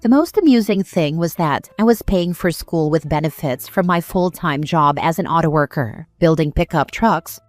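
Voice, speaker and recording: A woman narrating online posts aloud in a lively scripted storytelling manner. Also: on the low side, no room sound.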